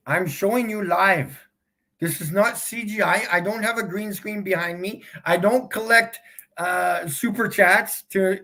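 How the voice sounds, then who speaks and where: A man hosting a live stream, taunting his chat in a mocking tone and laughing often. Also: sits high. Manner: slow, drawn-out delivery with big swings in loudness. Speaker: livestream host.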